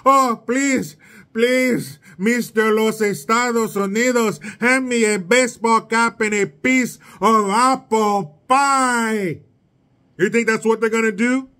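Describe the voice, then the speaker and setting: A man's voice: high-pitched, steady tone, normal speed, lightly acted. A man voicing a fawning newcomer who pleads and gushes thanks in an exaggerated put-on voice. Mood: mock pleading. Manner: exaggerated mock-grateful pleading. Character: fawning newly arrived man, eager to please.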